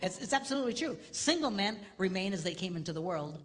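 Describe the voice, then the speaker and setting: A middle-aged man working a comedic marriage seminar, his pitch leaping and falling as he acts out little scenes and then sinks to a whisper to land a point. His voice rings out through a large hall with a long reverb tail. A faint hiss sits underneath it. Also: quick pace. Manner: animated, acts out voices, drops to a whisper for emphasis. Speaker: seminar speaker.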